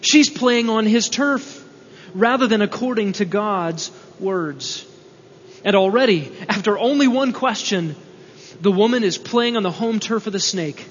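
A man's voice: high voice, lively intonation, unhurried. A man preaching an expository sermon in an earnest, explanatory way, asking rhetorical questions, in a church hall. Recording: dull, reverberant hall recording with faint hum.

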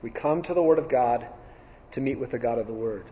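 A man's voice: medium pitch, a little fast, dark tone. Earnest man teaching Bible class in hall. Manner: earnest, repeats phrases, many ums and restarts. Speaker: church teacher. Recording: dull sound with long reverb in a hall.

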